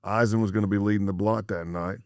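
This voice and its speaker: A middle-aged American man with a very low, gravelly voice tells a long story as a guest on a podcast. He acts out the lines of the people he quotes, and his voice sits close to a dry studio mic. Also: fast talker, no echo. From United States. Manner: animated storyteller acting out quoted dialogue. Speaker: former undercover FBI agent, podcast guest.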